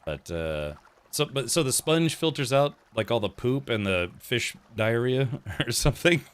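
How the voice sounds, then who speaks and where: A man's voice: mid-range voice, expressive, unhurried, clean tone. A man hosting a let's play stream, chatty and easily distracted while he plays. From United States. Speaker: streamer host.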